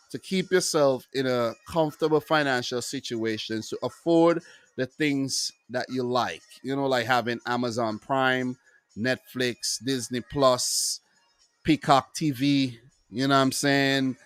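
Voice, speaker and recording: A man hosting his own football review channel, talking casually and loosely, full of asides and shout-outs to viewers. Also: mid-range voice, dry recording, studio quality. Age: adult with wife and three kids.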